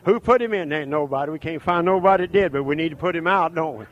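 An older man preaching a fiery revival sermon, swinging from shouted, chanting runs down to low, muttered asides. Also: quick pace, dull audio.

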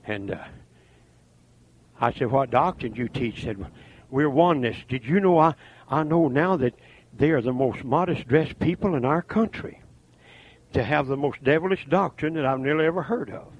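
Older man, high voice, revival sermon, shouting chant, drops to low asides. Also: expressive, normal speed, pauses often, dull audio. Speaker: preacher.

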